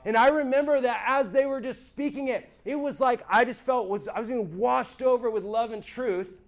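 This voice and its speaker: A man sharing his church testimony with a small group, earnest and animated, often checking in with his listeners. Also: very high-pitched, moderate pace. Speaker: speaker giving his testimony.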